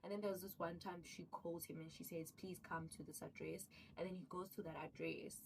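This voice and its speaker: A woman casually recapping a drama series, excitable and animated, acting out the characters' lines as she goes. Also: fairly low pitch, brisk, hardly any pauses, recorded from a distance, a little hiss or hum, low-quality recording. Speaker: show recapper.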